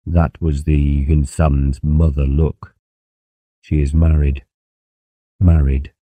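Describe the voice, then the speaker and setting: A man's voice: rumbling low, little pitch movement, slow pace, no room sound, phone-quality sound. A man playing a broken, disgraced sailor who groans out his words in an audiobook. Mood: anguished.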